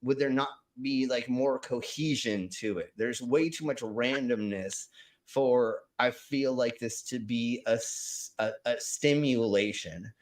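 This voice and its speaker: A man's voice: mid-range voice, unhurried. A man hosting a live stream, chatting casually in a rambling, profane way with many restarts and fillers. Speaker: stream host. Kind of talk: casual chat.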